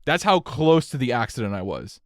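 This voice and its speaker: A man's voice: medium pitch, sing-song, fairly quick, no echo, studio quality. A young man co-hosting a podcast, telling a story in casual chat with swings of energy and a lot of swearing. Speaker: podcast co-host.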